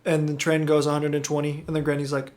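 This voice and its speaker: A man's voice: fairly high pitch, monotone, fast, darkish tone. A man casually recapping an anime episode, rambling with lots of fillers, swearing and correcting himself as he goes.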